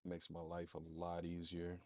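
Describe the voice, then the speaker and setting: A man's voice: low voice, monotone, a little slow, darkish tone, dry recording, studio quality. A man casually walking through his marketing setup on a screen share, thinking aloud with loose, rambling talk and plenty of fillers. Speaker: marketing agency presenter.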